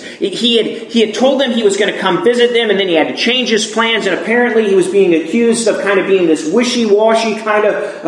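An earnest preacher delivers a sermon, his fairly high voice ringing through a reverberant church room. He retells scripture with drama and restarts words as he goes. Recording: echoey room.

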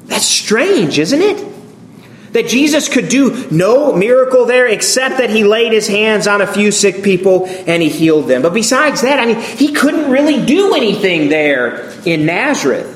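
A man's voice: sits high, big pitch swings, normal speed, echoey room, a little hiss or hum. A man preaching a sermon as pastor, reading scripture aloud and acting out the quoted voices with feeling.

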